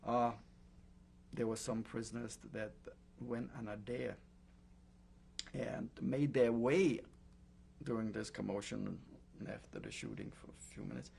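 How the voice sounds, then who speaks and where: An older man recounting his memories in an oral history interview, speaking in a halting way with many pauses and fillers. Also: medium pitch, vocal fry, darkish tone, slight background noise. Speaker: Holocaust survivor giving testimony.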